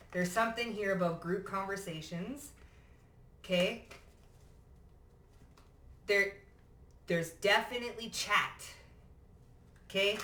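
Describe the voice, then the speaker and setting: Woman tarot reader, bright forceful voice, blunt and profane, echoey room. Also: mid-range voice, far from the mic. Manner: blunt, profane and emphatic, often laughing. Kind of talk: casual tarot card reading to camera.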